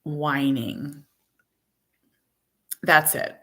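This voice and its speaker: Chatty mom rambling on a live stream. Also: female voice, sits low, fairly even intonation, fairly bright tone. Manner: rambling, chatty, with many fillers and quick laughs. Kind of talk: casual live-stream chat.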